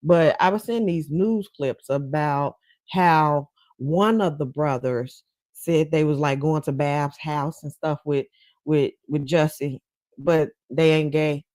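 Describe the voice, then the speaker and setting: A woman's voice: sits low, takes it slowly, a little mellow, no room sound. Chatty woman hosting a gossip stream. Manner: chatty, gossipy, laughs between points, talks straight to viewers. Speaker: livestream talk show host. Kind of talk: casual commentary chat.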